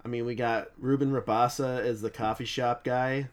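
A man's voice: medium pitch, little pitch movement, moderate pace. A man with a mid-range voice talks casually as a co-host on a movie podcast. He hesitates often and repeats words as he gathers his thoughts. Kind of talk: casual chat.

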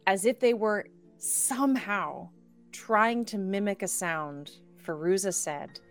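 A woman narrates a tabletop game as game master, in an unhurried, drawn-out delivery. She gropes for words and restarts her sentences as she paints each scene. Soft music plays faintly behind her. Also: mid-range voice. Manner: descriptive, searching for words with restarts.

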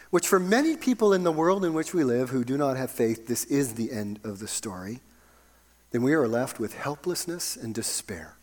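A man preaching a sermon, calling his listeners loved ones and swinging between ringing emphasis and a hushed near-whisper. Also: medium pitch.

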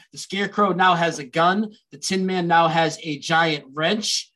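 A man's voice: on the high side, a little fast, hardly any pauses, poor audio. A man as a guest in a casual conversation, eagerly telling stories and quoting movie lines. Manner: animated storytelling, quotes movie lines.

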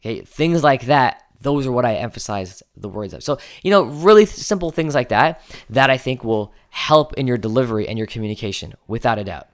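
A man's voice: medium pitch, lively intonation, fairly quick. A man hosting a coaching podcast, giving an instructional talk that shifts pace and stresses key words, sometimes counting items aloud to himself.

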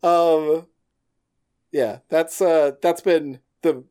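Guy rambling on a chill podcast, middle pitch, lots of restarts. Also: normal speed, darkish tone. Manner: loose, rambling delivery with many restarts. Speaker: podcast guest, game designer. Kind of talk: casual podcast chat.

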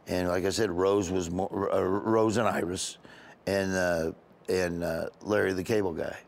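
Laughing comedian telling stories. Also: male voice, low-pitched. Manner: laughs often, excited, quick bursts. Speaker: stand-up comedian, interview guest. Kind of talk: animated storytelling.

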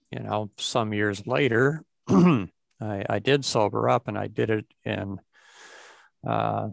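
A man's voice: medium pitch, creaky, no echo. A man hosting a conversation about recovery, speaking reflectively and restarting his sentences often.

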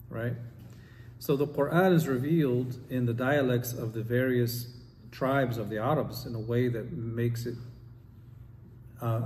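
A man's voice: mid-range voice, darkish tone. Guy teaching a religious study class, asks the room questions, long echoey hall, bit of room hum. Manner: asks the class questions, reads quotes aloud. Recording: long hall reverb, faint ambience.

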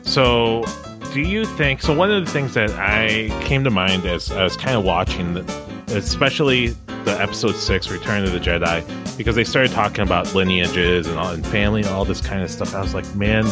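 A man's voice: on the low side, animated, a little fast, music in the background. A man hosting a casual podcast chat, rambling and loose, with many fillers. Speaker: podcast host.

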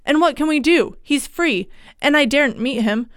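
A woman's voice: high-pitched, moderate pace, dry recording, clean studio sound, voice pushed up, lightly acted. Woman reading as a terrified guilty son. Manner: anxious, despairing. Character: frightened young gentleman, guilt-ridden son.

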